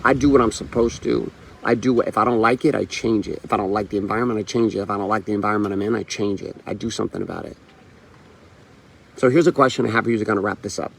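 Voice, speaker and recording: A man's voice: fairly low pitch, steady tone, fast, vocal fry, slight background noise. A man hosting a motivational show, speaking bluntly with profanity and hammering repetition, telling stories with quoted back-and-forth dialogue. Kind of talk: motivational monologue.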